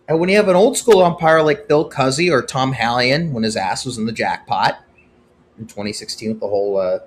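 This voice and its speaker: Guy doing his own podcast, opinionated solo talk, gets worked up then goes quiet and serious. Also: medium pitch, fairly quick, a little hiss or hum. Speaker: podcast host.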